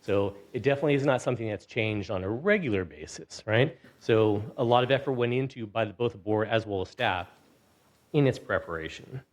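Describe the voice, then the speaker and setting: A man's voice: on the low side, lively intonation, fairly quick. A man presenting a staff report to a community board, reading a disclaimer aloud and then explaining it with fillers, out of breath from the stairs. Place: boardroom meeting.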